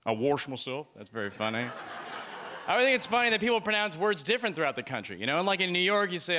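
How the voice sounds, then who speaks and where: A man from Missouri doing a stand-up comedy set with a dry, deadpan delivery, breaking into quick voices for his characters. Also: a little high. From Missouri, USA.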